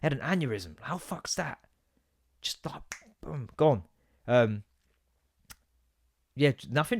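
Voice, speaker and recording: A man, hosting a comedy podcast with sweary, exasperated rants and sudden loud outbursts. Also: medium pitch, big pitch swings, slow pace, long pauses, no room sound, clean studio sound. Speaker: podcast host. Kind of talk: comic ranting monologue.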